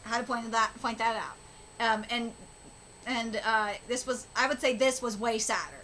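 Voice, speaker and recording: A woman streaming a live reaction, reading aloud and breaking off to ramble in a halting way. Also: a little high, low-quality recording. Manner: rambling, halting, stops to comment. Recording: steady background noise.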